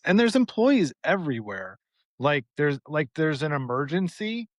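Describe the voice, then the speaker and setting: A man tells a story on a podcast in an animated, exasperated way and swears freely. His voice sits a little high for a man. The recording is close and dry, with no room sound. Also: measured pace, no room sound. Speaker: podcast co-host. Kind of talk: casual storytelling chat.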